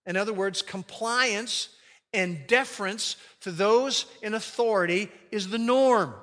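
A man preaching a sermon as pastor, leading the congregation in reciting a phrase together and slowing down to stress key words. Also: sits high, a bit bright, long reverb tail. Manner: leads congregation in call-and-response recitation.

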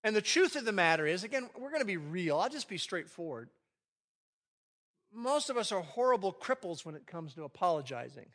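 A man's voice: sits high, big pitch swings, fairly quick, a bit bright. A man preaching a sermon on marriage to a live audience, acting out quoted arguments with animation. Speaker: pastor leading a marriage session.

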